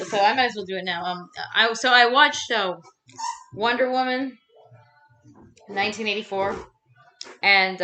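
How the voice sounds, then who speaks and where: A young woman rants casually to camera at home, rambling and swearing freely. Her voice sits a bit high and swings widely in pitch. The sound is bright, with a roomy echo around it. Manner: rambling, swears freely, animated ranting with fillers. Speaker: vlogger. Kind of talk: casual ranting chat.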